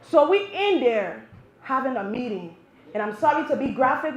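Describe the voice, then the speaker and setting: A woman doing a stand-up comedy set in a live cafe, animated and talking straight to the crowd. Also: high voice, normal speed, dull audio. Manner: animated, talks to the crowd, playful teasing. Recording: roomy live venue sound.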